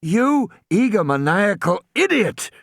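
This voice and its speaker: A weary, sardonic mathematician pours scorn from a sickbed, as a man reading an audiobook puts him on. His voice swings widely and carries a bright edge. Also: a little high, sing-song, unhurried, no room sound, studio quality, voice pushed up. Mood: scornful.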